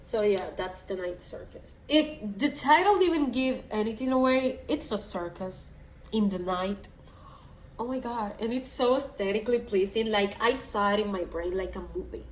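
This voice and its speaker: A woman's voice: mid-range voice, moderate pace. A woman book vlogger in casual chat, talking about books she loves, chatty and emotional, filling her talk with "like" and "so yeah". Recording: echoey room with faint background hiss.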